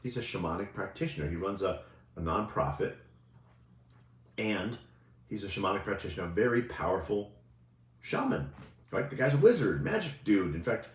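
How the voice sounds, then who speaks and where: A man's voice: lowish voice, sing-song, moderate pace, pauses often. A male coach giving a casual motivational talk, talking conversationally and often asking "right?" as he goes. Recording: roomy echo.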